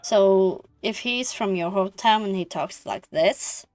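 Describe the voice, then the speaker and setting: A woman's voice: mid-range voice, unhurried, a little mellow. A woman streaming a game, chatting casually and thinking aloud with an amused tone. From Norway. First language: Norwegian.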